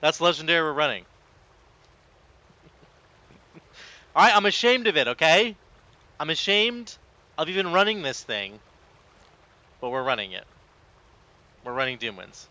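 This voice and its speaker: Brief: male gamer narrating his own play, lively exclamations, bright and slightly high voice. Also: unhurried, long pauses, muffled recording. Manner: animated, exclamatory, self-mocking. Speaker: gaming content creator. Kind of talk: live gameplay commentary.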